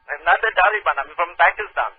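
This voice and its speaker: A man's voice: high-pitched, fast, breathy edge, pitched above the performer's own voice. A man putting on a fake South Asian accent. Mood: indignant. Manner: pleading, broken English. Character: pleading young Pakistani immigrant man. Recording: tinny phone line.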